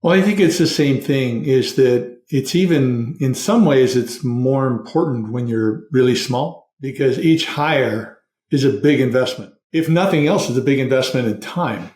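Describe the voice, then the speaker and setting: A man's voice: medium pitch, a little slow, a little mellow, roomy sound. A middle-aged man, a guest on a podcast, talking earnestly and steadily about hiring as a process. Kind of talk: conversational interview.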